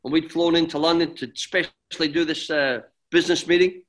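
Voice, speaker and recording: A middle-aged man, a former footballer, telling relaxed stories as an interview guest, rambling with restarts and friendly "mate"s. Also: fairly high pitch, fairly quick. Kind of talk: relaxed anecdotal storytelling.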